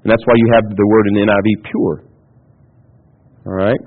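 A man's voice: on the low side, little pitch movement, fairly quick. A man preaching a sermon as pastor, emphatic, repeating key phrases and asking rhetorical questions. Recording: tinny phone-like radio broadcast.

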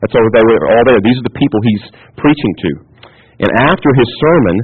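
A pastor preaching a sermon in a teacherly way, often checking in with the congregation. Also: male voice, mid-range voice, expressive, fairly quick, husky. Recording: tinny phone-like audio.

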